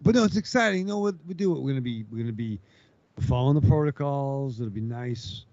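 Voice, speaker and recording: A man's voice: medium pitch, expressive, a little fast, dark tone, no echo. A man co-hosts a podcast and throws in teasing jokes during casual chat. His voice sits in the middle range. The audio sounds muffled and lo-fi. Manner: teasing, joking banter. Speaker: podcast co-host.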